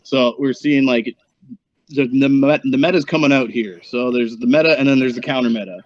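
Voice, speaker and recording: A man co-hosting a gaming show gives the meta report, hesitantly working through statistics with lots of fillers in casual commentary. His mid-range voice moves fairly quickly, recorded on a dull, dry lo-fi mic.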